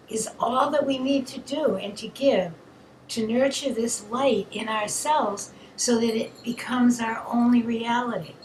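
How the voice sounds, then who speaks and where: A woman co-leading an online spiritual session, speaking softly and tenderly in drawn-out phrases. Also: a little high, reverberant, a little hiss or hum, low-quality recording. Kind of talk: slow, gentle spiritual teaching.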